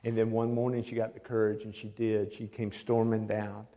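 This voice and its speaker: A man, a pastor, telling a testimony story, dropping to a hush for the words of others. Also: fairly low pitch, monotone, normal speed, highs cut off. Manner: drops to a hushed voice for quoted speech. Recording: long hall reverb.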